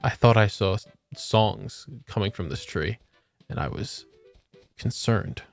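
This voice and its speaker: A man's voice: fairly low pitch, unhurried, vocal fry, soft background music. A man streaming a video game, chatting casually with his viewers and joking with a lot of swearing. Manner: profane, joking banter with chat. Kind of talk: casual gameplay chat.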